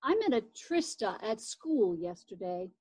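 A woman reading aloud, voicing a brisk, determined older sister in a children's story. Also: mid-range voice, big pitch swings, mellow, breathy edge.

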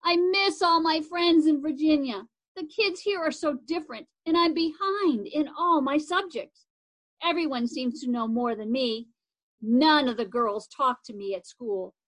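A woman's voice: high voice, animated, unhurried, fairly bright tone. A woman voicing a homesick big-sister girl, sobbing and pleading.

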